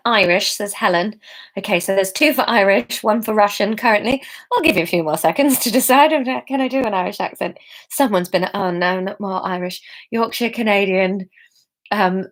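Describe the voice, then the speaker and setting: Chatty woman reading her own story live. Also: mid-range voice. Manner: chatty, self-mocking asides.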